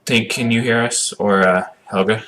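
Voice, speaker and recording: A man acting as game master, narrating a tabletop game over an online voice call, relaxed and checking details. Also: fairly low pitch, normal speed, a little hiss or hum. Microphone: computer mic over online voice call.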